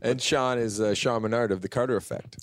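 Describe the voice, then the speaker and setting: A man's voice: mid-range voice, fairly quick, dry recording. A man co-hosting a podcast, chiming in with short questions and remarks during a casual chat. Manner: short prompting interjections. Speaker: podcast co-host.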